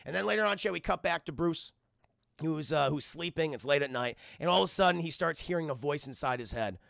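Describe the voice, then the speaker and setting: A man's voice: fairly high pitch, animated, brisk, gravelly, fairly bright tone, dry recording, clean studio sound. A man giving a casual livestream recap of a cartoon, rambling and profane, constantly addressing his chat. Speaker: streamer and cartoon reviewer.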